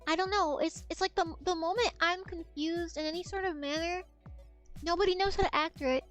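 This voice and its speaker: High-voiced woman telling a rambling story. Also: brisk, soft background music. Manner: rambling, animated anecdote with swearing and acted-out quotes. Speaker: streamer. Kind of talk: casual storytelling chat.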